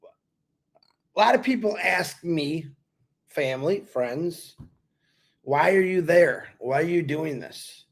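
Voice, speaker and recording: Older man, congested, gravelly, high-pitched, reflective casual talk. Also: expressive, slow pace, pauses often. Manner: easygoing and reflective, with nervous laughs. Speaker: co-host. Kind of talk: pre-recorded casual talk.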